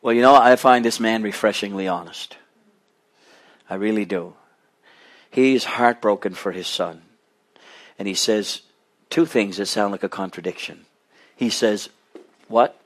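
A man's voice: on the low side, unhurried, pauses often. A middle-aged man preaching a sermon with impassioned delivery, rising to fervent pleading cries.

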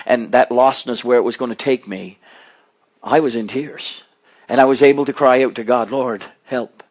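Impassioned man preaching a sermon. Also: medium pitch. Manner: impassioned, rising to fervent pleading cries.

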